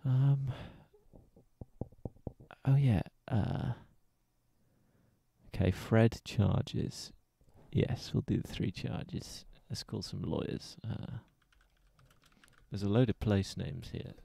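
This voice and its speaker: Man, low pitch, dark mellow tone, crude joking banter, prank-call streamer. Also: very slow, vocal fry, pauses often, husky, no room sound. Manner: crude, joking, laughs at own lines. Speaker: streamer making prank calls. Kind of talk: casual live-stream banter.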